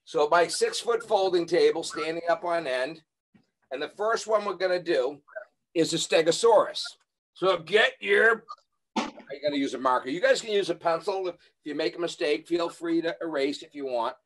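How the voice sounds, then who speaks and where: A man's voice: a little high, normal speed, a bit bright, poor audio. A man from Massachusetts giving a friendly step-by-step drawing lesson to kids over a webcam. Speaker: illustrator teaching drawing. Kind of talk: drawing lesson on a video call.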